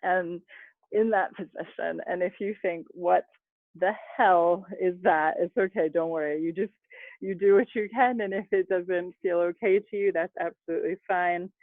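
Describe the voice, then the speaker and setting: A woman leading a yoga class over a video call, giving calm, chatty cues with little laughs and asides. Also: lowish voice, moderate pace, no room sound. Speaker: yoga instructor. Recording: dry, phone-like video call audio.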